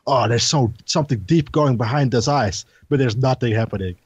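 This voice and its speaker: A man co-hosting a podcast, chatting casually about films, excitable and stammering, laughing often. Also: medium pitch, fairly quick, husky, no echo, highs cut off. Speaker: podcast co-host. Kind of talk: casual film chat.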